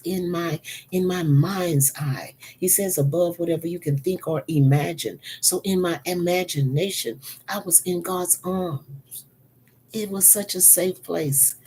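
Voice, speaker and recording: A woman's voice: lowish voice, warm tone, slight background noise. A woman preaching a sermon, earnest and repeating key phrases for emphasis. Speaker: pastor.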